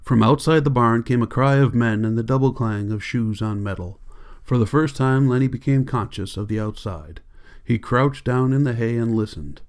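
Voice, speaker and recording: A man narrating an audiobook in a calm, measured reading. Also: medium pitch, clear, resonant tone. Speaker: audiobook reader.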